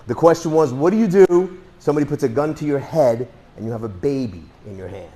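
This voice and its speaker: A man's voice: medium pitch, lively intonation, brisk, warm tone. A man teaching a self-defense class in a casual, rambling way, with sarcastic asides. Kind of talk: casual live class talk.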